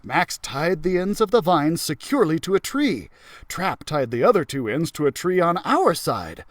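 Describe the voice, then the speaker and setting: Animated man reading a children's story. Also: fairly high pitch, normal speed, no echo, clean studio sound. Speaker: children's librarian reader. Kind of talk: children's story read-aloud.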